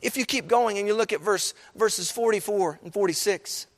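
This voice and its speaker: A man preaching a sermon to his congregation, swinging between quiet, low passages and raised, emphatic ones. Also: moderate pace, big-room sound. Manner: preaching, rising and falling with emphasis, addresses the congregation. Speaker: pastor.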